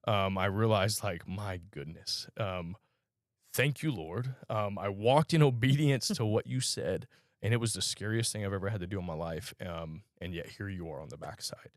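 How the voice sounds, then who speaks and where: Brief: male podcast guest, low-pitched, earnest and halting testimony, dry close recording. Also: no room sound. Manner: halting, earnest storytelling with frequent pauses. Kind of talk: personal testimony in a conversational interview.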